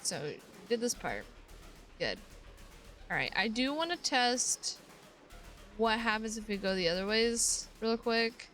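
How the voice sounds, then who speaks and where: A woman's voice: on the high side, big pitch swings, unhurried, long pauses, a bit bright, soft background music. A woman streamer reading a visual novel aloud, breaking off into casual, sweary asides.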